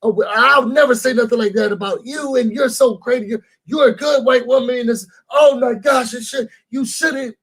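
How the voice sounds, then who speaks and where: A man mimicking a shrill, flustered woman. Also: normal speed, hardly any pauses, fairly bright tone, slightly rough, full character voice, low-quality recording. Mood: fawning. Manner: high, breathless mimicry.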